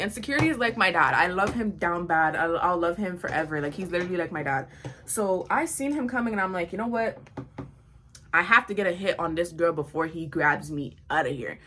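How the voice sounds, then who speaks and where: A young woman in her twenties tells a story to her vlog audience in a blunt, slangy, animated way. Her voice sits at a middling pitch for a woman. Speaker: vlogger.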